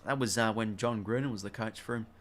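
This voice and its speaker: A man's voice: lowish voice, steady tone, fast talker, a little hiss or hum. A young adult man with an Australian accent, hosting a live watch-along stream in a rambling, chatty way, swearing freely as he calls the play and chats between passages.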